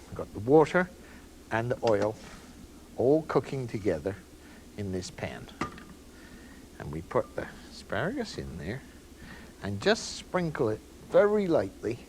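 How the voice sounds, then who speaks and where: Casual male TV cook, animated rising and falling voice, folksy asides, audible background noise. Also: mid-range voice, poor audio. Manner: chatty and rambling, with folksy asides. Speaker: cooking show host. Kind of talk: casual cooking demonstration. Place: TV studio kitchen.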